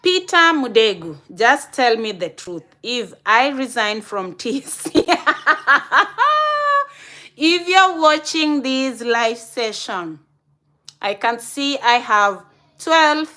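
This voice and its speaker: A woman with a Kenyan accent hosts a relaxed live stream, speaking to her viewers one by one. Her voice sits a little high. She takes her time over every phrase. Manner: chatty, addresses viewers directly by name. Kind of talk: casual live stream chat.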